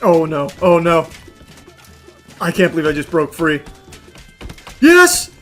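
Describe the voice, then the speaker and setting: A man streaming a game, shouting, swearing and laughing in bursts between dry asides. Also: on the high side, big pitch swings, slow, soft background music. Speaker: gaming streamer. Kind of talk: live gameplay commentary.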